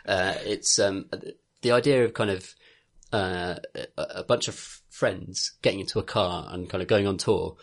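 A man's voice: low voice, normal speed. A young man co-hosting a casual podcast chat, rambling with lots of fillers and laughter. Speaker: podcast co-host.

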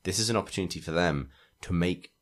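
Deep-voiced rambling podcast co-host man. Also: quick pace. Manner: rambling, restarts sentences, laughs often. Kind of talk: casual chat.

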